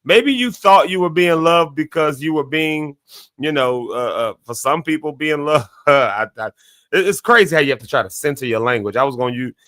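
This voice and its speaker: A man hosting a morning show, telling a story in a casual, animated way, restarting his sentences often. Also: normal speed, no room sound, clean studio sound. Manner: animated storyteller, many restarts, sudden jumps in pitch. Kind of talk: casual spoken reflection.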